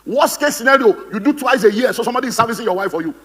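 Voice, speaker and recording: A motivational speaker with a Nigerian English accent gives a humorous, theatrical seminar talk on a conference hall stage, acting out the voices he quotes. His voice is very high-pitched, expressive, very fast, and fairly bright, with a big-room sound.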